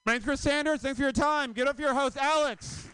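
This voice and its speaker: A man in his thirties from Florida doing a stand-up comedy set on a club stage, telling stories in an animated, profane, self-mocking way. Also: extremely high pitch, a little fast, dry recording. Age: 30s.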